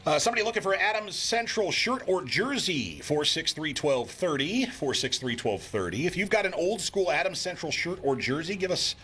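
A man's voice: a little high, expressive, normal speed, hardly any pauses, sharp tone, breathy edge. A man hosting a radio call-in show, chatting casually and joking in rambling asides before reading listener listings. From Nebraska, USA. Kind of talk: casual on-air banter.

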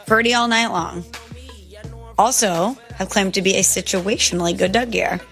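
A woman's voice: medium pitch, moderate pace, fairly bright tone, faint music behind. A woman co-hosting a sports talk radio show, playfully teasing her co-host.

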